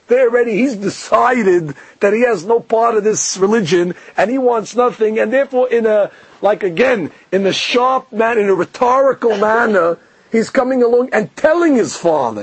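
A man giving a lively Torah lesson, explaining verses, quoting Hebrew phrases and often repeating words. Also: high voice, moderate pace, husky, dry recording.

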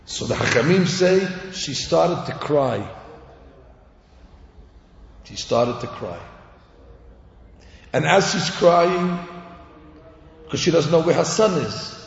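Animated man telling a sermon story. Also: fairly high pitch, slow, vocal fry, pauses often. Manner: animated, acts out characters and crying sounds. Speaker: rabbi or Torah teacher. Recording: echoey hall, dull lo-fi sound.

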